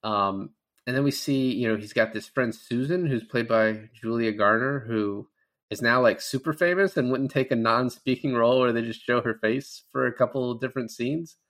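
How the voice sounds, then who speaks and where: A man's voice: mid-range voice, normal speed, fairly bright tone. A man in his thirties co-hosting a casual movie review podcast, loose and rambling with lots of restarts. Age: 30s. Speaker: podcast co-host.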